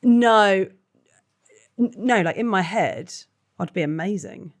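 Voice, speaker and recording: A woman comedian as a guest in a casual chat interview, joking in quick banter. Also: medium pitch, animated.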